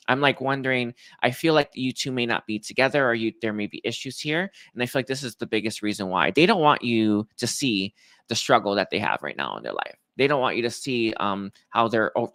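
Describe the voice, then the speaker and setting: Emotional, halting man reading tarot. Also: medium pitch, bright, forceful tone, dry recording. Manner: emotional, halting, many fillers. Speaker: tarot reader.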